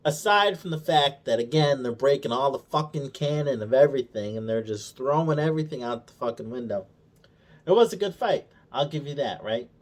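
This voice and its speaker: A man's voice: mid-range voice, lively intonation, brisk. A man giving a casual, profanity-heavy review rant, mocking and exasperated, retelling scenes in his own words. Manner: swears constantly, mocking and exasperated; retells scenes by acting out characters' lines. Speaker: video reviewer.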